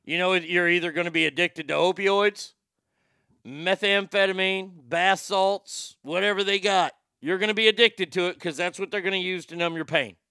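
A man holds forth as a show host in a loose, rambling, folksy way, swearing freely and restarting his sentences. His voice is bright and forceful, smooth and clear, and pitched a bit high for a man. The sound is close and dry, with no room around it. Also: steady tone, normal speed, dry recording. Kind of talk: casual talk-show monologue.

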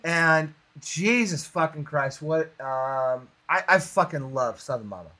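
A man's voice: fairly high pitch, expressive, a little slow, pushed and bright. A man co-hosting a casual podcast, ranting with heavy profanity and self-deprecating jokes. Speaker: podcast co-host.

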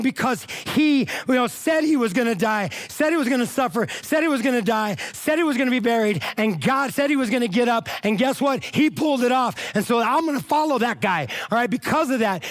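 A man preaching a casual, conversational sermon as pastor to his church, with frequent asides. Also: very high voice.

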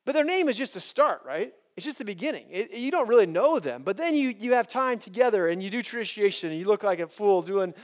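A man's voice: high-pitched, animated, brisk, hardly any pauses. A man preaching to college students, speaking animatedly, restarting his sentences and often asking "right?". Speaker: campus preacher.

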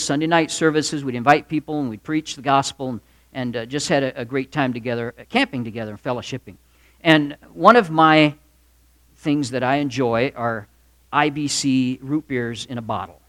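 A man's voice: mid-range voice, fairly bright tone. A male pastor giving a Wednesday night sermon in a folksy manner, mixing stories, jokes and asides. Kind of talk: midweek church sermon.

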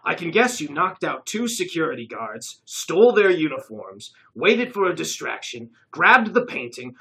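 The narrator voicing Jacques, a clever man who explains his deductions briskly and smugly. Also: medium pitch, fairly bright tone, slightly rough, voice pushed up.

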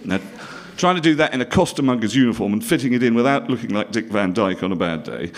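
Telling a stand-up tale, a middle-aged northern English comedian pokes fun at himself in a dry way and lobs wry remarks at the crowd. His delivery is quick, with lively intonation and wide pitch swings.

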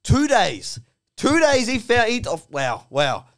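A man's voice: high-pitched, huge pitch swings, slow, fairly bright tone. A young man with an Australian accent, co-hosting a podcast with crude, sarcastic banter and constant swearing. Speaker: podcast co-host.

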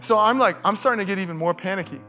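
Bright, high-voiced Californian pastor. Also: male voice, racing, faint music behind. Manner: casual, storytelling, rising to shouted urgency. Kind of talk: sermon with personal story. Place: church stage.

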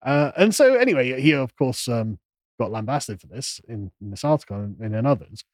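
A man's voice: mid-range voice, sing-song, moderate pace, darkish tone, no echo. Sardonic male podcast host, dry studio sound. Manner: sardonic, mocks quotes in put-on voices. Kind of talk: casual political podcast chat.

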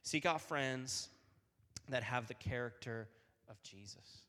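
A man preaches to a youth group, telling a story with many fillers and restarts. His voice sits at a middling pitch. A long hall reverb trails his words. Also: takes it slowly. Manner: animated storytelling, many fillers and repeated starts. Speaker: youth pastor. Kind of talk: youth sermon with personal story.

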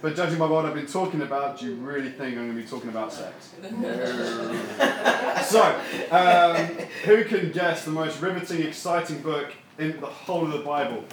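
A man's voice: on the high side, moderate pace, very echoey, a crowd in the background. A man preaching a casual, joking sermon and bantering with his congregation. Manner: playful, animated, banters with the congregation.

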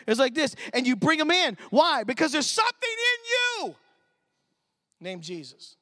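Brief: middle-aged preacher man from Pittsburgh, high voice, animated storyteller, bright tone. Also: no room sound, studio quality. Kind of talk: sermon.

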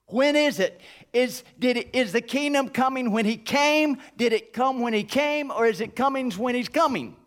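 A man from the United States preaching a sermon in a folksy, animated way, acting out bits of dialogue and dropping to a low hush for emphasis. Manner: drops to a low hushed voice for emphasis. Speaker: pastor.

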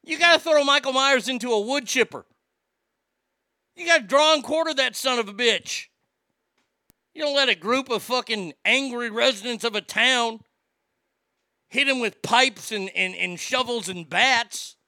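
A man with a very high, pushed, bright voice rants casually about movies, swearing and sounding exasperated as he reads out listener comments. He speaks a little slowly with long pauses. The recording is studio quality with no room sound.

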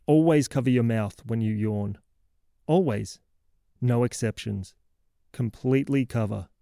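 Man doing a cranky townsman, mocking, lecturing, sarcastic, mellow voice, dry close recording, comic horror monologue. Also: mid-range voice, measured pace, vocal fry, dry recording. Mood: scolding. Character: cranky, scolding older townsman lecturing a kid.

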